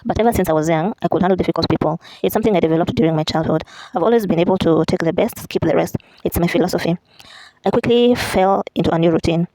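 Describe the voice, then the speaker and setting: A woman's voice: on the low side, fast, mellow, poor audio. A woman reading a memoir aloud in a casual way, correcting herself now and then and adding chatty asides.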